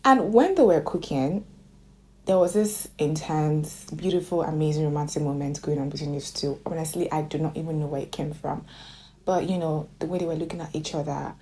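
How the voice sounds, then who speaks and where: A woman's voice: low-pitched, a little fast, darkish tone, slightly rough. A woman casually recapping a romantic movie for her viewers, chatty and gushing, breaking into sudden squealed exclamations.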